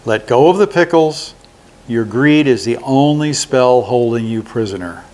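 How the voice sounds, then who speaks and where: A man's voice: medium pitch, animated, unhurried, a little mellow, natural voice. An older man voicing a bold, clever young man in a storybook reading. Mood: sly.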